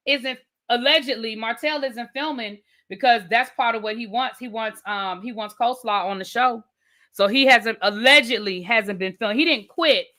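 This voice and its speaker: Woman host, chatty and emphatic, bright and a touch high, casual live chat with viewers. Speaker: livestream host reviewing reality TV.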